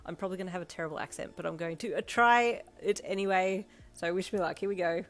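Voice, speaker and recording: A woman narrating an audio fanfiction, bubbly in her intro and steady in the story. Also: lowish voice, fast talker. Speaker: fanfiction reader. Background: faint backing music.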